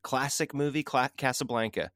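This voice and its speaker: A man hosting a podcast in casual chat, relaxed and conversational, swearing freely. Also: medium pitch, normal speed, dry recording, clean studio sound. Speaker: podcast host.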